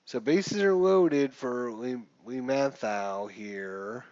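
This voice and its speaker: Slow-talking man narrating his game. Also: medium pitch, darkish tone, dry recording, highs cut off. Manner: chatty, thinks aloud, mutters rules while rolling. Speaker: gamer playing a baseball sim. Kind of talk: casual gameplay commentary.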